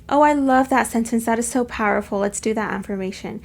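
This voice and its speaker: Gravelly, upbeat woman tarot reader. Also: fairly high pitch, fairly quick, hardly any pauses. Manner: gushing, affectionate, chatty with many fillers. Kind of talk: casual pick-a-card tarot reading.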